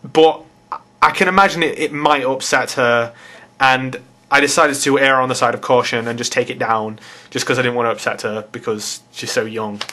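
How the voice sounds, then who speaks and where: A man's voice: medium pitch, steady tone, moderate pace, pushed and bright. A man from England with an English accent, ranting bluntly to camera in a casual vlog and swearing freely. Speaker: vlogger.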